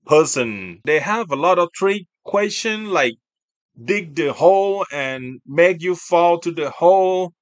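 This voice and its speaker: Slow, halting Thai-accented man. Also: mid-range voice, fairly bright tone, dry recording. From Thailand. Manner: halting, filler-heavy, searching for words. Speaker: video creator. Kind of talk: casual chat with a voice assistant.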